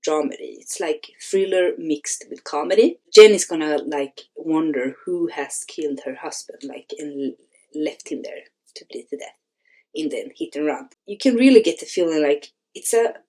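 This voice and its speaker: Woman, deep voice, screenwriting host, hesitant, lots of fillers. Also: animated, moderate pace, darkish tone. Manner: hesitant, many fillers and restarts. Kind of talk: reading and analyzing a screenplay.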